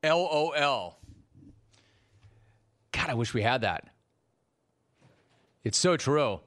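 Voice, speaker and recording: A man's voice: mid-range voice, animated, slow pace, fairly bright tone. A man hosting a sports radio call-in show, ribbing his producer in a teasing, exasperated way. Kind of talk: animated radio talk show banter.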